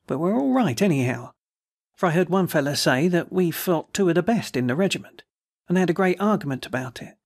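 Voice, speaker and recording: A man's voice: a little high, lively intonation, fairly quick, voice pushed up. A man voicing an aggrieved young male soldier who grumbles and complains in a storybook reading. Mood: indignant.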